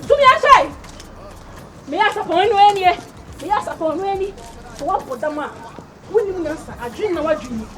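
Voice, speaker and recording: Woman playing a rowdy Ghanaian woman, very high-pitched. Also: lively intonation, moderate pace, pauses often. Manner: loud boisterous banter mixing pidgin and Twi. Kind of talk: comedy drama web series acting. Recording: noisy background.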